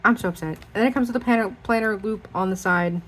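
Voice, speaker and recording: A woman's voice: medium pitch, fast. A young woman chatting casually as she shows off her planners, rambling with lots of fillers. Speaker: planner vlogger. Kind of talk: casual show-and-tell chat.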